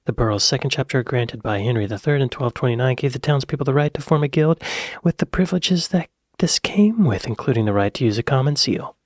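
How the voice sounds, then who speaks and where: A man's voice: mid-range voice, fast, few pauses, dry recording, clean studio sound. A man casually reacting to a video, curious and chatty. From United States. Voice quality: husky.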